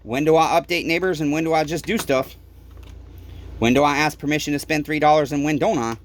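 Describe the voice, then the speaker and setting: In an angry monologue to camera, a small-engine repair shop owner rants, pleads, swears a lot, and keeps repeating himself. His voice sits on the high side, with fairly even intonation and a brisk delivery.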